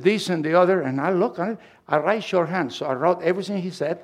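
A man preaching a sermon as pastor, swinging from quiet asides to loud, emphatic lines. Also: high voice, a little fast, few pauses, breathy edge.

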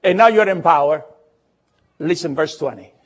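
Husky-voiced man preaching animatedly. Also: fairly high pitch, moderate pace, highs cut off. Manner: animated storytelling with direct questions to the congregation. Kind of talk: sermon retelling a Bible story.

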